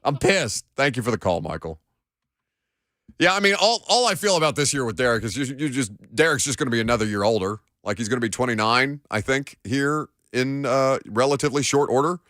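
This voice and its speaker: Man, late twenties, sports radio host, lively rising and falling delivery, dry close studio sound, self-deprecating rambling. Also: medium pitch, a little fast, no echo. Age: late 20s. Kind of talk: casual sports talk radio chat. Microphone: studio broadcast mic.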